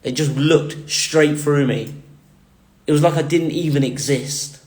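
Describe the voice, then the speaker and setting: A man's voice: fairly high pitch, fairly even intonation, measured pace, darkish tone. A man earnestly telling his own story to camera, repeating words for emphasis. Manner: earnest, repetitive emphatic phrasing. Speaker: vlogger recounting a near-death experience. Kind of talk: emotional personal storytelling. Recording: roomy echo.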